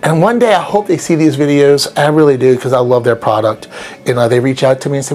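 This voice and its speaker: A man's voice: medium pitch, quick pace, a little mellow, faint music behind. A man hosting a cocktail recipe video, talking casually and playfully with rambling asides. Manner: chatty and playful, rambling asides, silly mock voices. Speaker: cocktail channel host. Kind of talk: casual recipe talk to camera.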